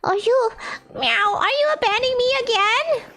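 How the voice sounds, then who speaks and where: A woman voicing a tiny, cheeky, clingy talking kitten in a squeaky voice that tacks meows onto her words. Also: normal speed, bright, forceful tone, faint music behind, full character voice.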